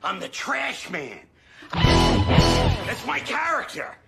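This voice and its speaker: A man playing an excited character who proudly calls himself the trash man, in a clip with loud guitar music behind him. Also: extremely high pitch, drawn-out words, gravelly, heavily acted.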